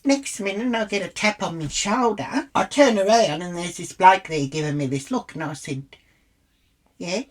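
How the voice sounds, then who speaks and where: A woman's voice: mid-range voice, moderate pace, hardly any pauses. An Australian woman vlogger telling a rambling storytime anecdote, blunt and full of swearing. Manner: crude, rambling storyteller who swears freely. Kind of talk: storytime monologue.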